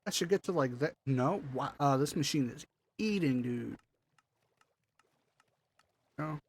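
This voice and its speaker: A man's voice: fairly high pitch, expressive, measured pace, breathy edge. A man streaming a game live, chatting casually and talking to himself while he plays, with offhand jokes. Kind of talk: casual live gameplay commentary.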